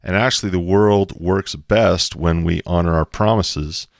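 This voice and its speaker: A man's voice: low-pitched, fairly even intonation, measured pace, creaky, no room sound, clean studio sound. A man talking emphatically on a podcast about investing, acting out little quoted exchanges as he goes. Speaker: co-host explaining investing. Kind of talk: animated podcast talk.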